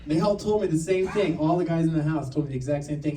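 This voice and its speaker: A man doing a stand-up set, telling stories in an animated way and acting out other people's voices. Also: a little high, fast talker, recorded from a distance, crowd noise. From New Mexico. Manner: animated storytelling with acted-out voices. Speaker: stand-up comedian. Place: theater stage with audience laughter. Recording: roomy theater sound from afar, audience noise.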